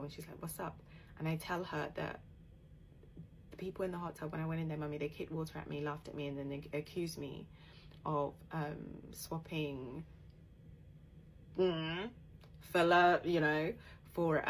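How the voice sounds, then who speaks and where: A young woman tells a story time with a low voice and lively ups and downs. She goes quieter when she quotes other people. A faint hiss of background noise sits under her voice. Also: rough recording. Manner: animated, laughing bursts, quoting others in a hushed voice.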